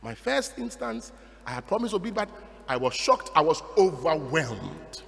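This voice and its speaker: A man's voice: a little high, moderate pace, creaky, long reverb tail. A middle-aged man with a Ghanaian English accent, a Catholic priest preaching a homily and acting out the dialogue of his story. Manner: animated storytelling, acts out the dialogue, laughs often.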